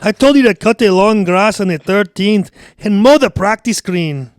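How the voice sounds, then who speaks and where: A man's voice: sits high, moderate pace, no echo, studio quality, voice pushed up, lightly acted. A man voicing an angry Scottish head groundskeeper who barks orders, with a put-on Scottish accent. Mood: furious. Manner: barking orders.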